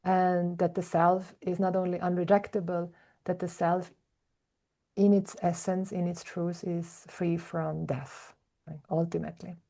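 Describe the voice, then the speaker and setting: Woman, spiritual teacher, mellow dark tone, lowish voice, reflective, unhurried, soft hums between thoughts. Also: little pitch movement, creaky. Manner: slow, searching, with soft fillers and hums. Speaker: spiritual teacher, podcast host.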